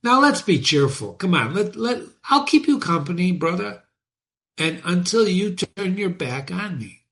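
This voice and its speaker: A man's voice: sits high, very animated, measured pace, fairly bright tone, voice pushed up, heavily acted. Man reading a sly, knowing devil. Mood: cheerful. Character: sly male fiend posing as a yeoman.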